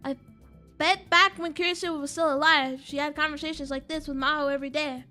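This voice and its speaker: A woman's voice: high-pitched, steady tone, fairly quick, pushed and bright, faint music behind. A young woman streaming a game, joking dramatically and reading its text aloud in a casual chat.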